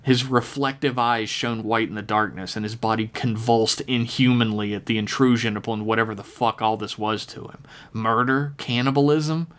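A man reading a dark horror story aloud in a steady, measured narration. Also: on the low side. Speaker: podcast storyteller.

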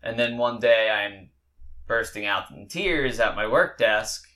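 Bright-voiced young man, candid and sweary. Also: fairly low pitch, measured pace. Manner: candid, rambling, heavy swearing. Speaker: podcast host. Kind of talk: casual podcast storytelling.

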